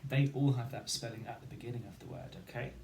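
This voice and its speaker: A man's voice: mid-range voice, fast, creaky, a little mellow. A man teaching a phonics lesson, patiently sounding out letters and words. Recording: echoey room, faint background noise.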